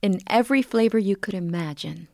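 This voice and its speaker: A woman acting a caring aunt who speaks gently and pleads with her nephew. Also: medium pitch, a little fast, creaky, dry recording, studio quality, natural voice. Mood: gentle. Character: caring aunt, patient and worried.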